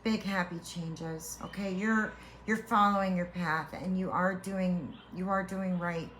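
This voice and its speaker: A woman's voice: on the low side, fairly even intonation, a bit bright, slight background noise. A woman, a tarot reader, giving an earnest, heartfelt spiritual reading to viewers, reassuring them and often restarting her sentences. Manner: halting with repeated restarts.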